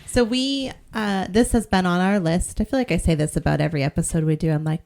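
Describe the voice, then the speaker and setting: A woman's voice: on the low side, fast, hardly any pauses, darkish tone. A middle-aged woman from New England co-hosting a podcast, chatty and self-mocking, often trailing off and restarting. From New England, United States. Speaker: podcast co-host. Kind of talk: casual chat.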